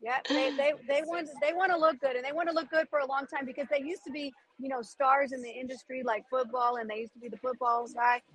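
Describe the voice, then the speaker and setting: A woman's voice: high-pitched, fairly even intonation, fast talker, few pauses, a bit bright, low-quality recording. A woman guest talking about her skincare brand in a casual interview, eager and repeating words as she goes. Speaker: guest, skincare business owner.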